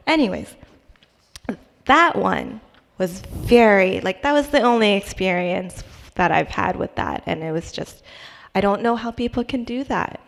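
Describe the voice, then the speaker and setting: Long hall reverb surrounds this young adult woman as she tells her testimony at church in a creaky, medium-pitched voice. She hesitates often, restarting sentences and filling gaps with filler words in a conversational way.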